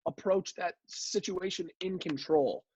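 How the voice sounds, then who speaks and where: A man co-hosting a casual podcast, relaxed and quick to laugh. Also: high-pitched, breathy edge. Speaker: podcast co-host. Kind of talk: casual chat. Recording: dry, dull lo-fi mic.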